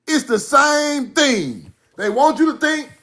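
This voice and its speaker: Slow, emphatic man lecturing over slides. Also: very high-pitched, lively intonation, sharp tone. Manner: emphatic, repeats points, directs slides.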